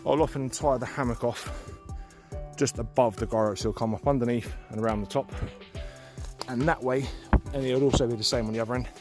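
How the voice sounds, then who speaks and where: A man casually explaining a camp setup outdoors in the woods, chatty and relaxed, with frequent fillers. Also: mid-range voice, a little fast, over music. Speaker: outdoor channel host.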